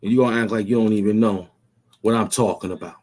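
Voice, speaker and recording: Fairly low-pitched and darkish in tone, a YouTube host speaks quickly with fairly even intonation. Ranting to camera, he taunts and repeats himself while pressing for money he says he's owed.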